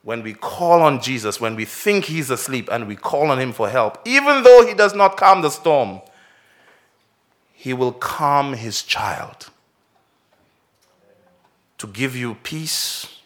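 A man preaching a children's sermon, telling a story with big swells and drops, then asking many direct questions. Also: medium pitch. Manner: expressive storytelling, swells and drops in loudness and pace. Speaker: pastor.

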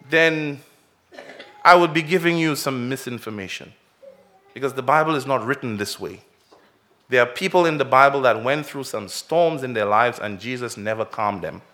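A man preaching a children's sermon, telling a story with big swells and drops, then asking many direct questions. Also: fairly high pitch. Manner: expressive storytelling, swells and drops in loudness and pace. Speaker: pastor.

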